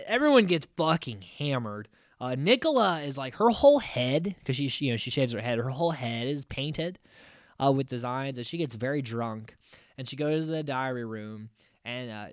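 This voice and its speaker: A man talking through a reality show recap with a very lively, up-and-down voice. He sounds exasperated and swears casually. The recording is close and dry. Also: mid-range voice, normal speed, clean tone, no room sound. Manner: animated, exasperated, swears freely. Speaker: podcast host.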